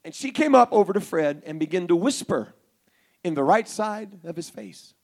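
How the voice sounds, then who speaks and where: A man preaching a Pentecostal sermon to young people, telling a story and building to shouted fervor. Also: high voice, animated, moderate pace.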